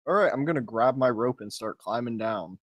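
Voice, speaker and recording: A man's voice: medium pitch, lively intonation, fairly quick, no echo, clean studio sound. A man playing a tabletop game, joking around with the group. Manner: joking, wisecracking. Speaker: player. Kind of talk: casual tabletop game chat.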